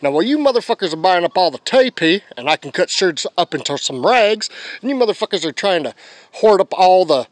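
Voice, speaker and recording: A man's voice: sits high, big pitch swings, brisk, no room sound. A young man vlogging and telling a story to camera in a crude, rambling way, swearing a lot.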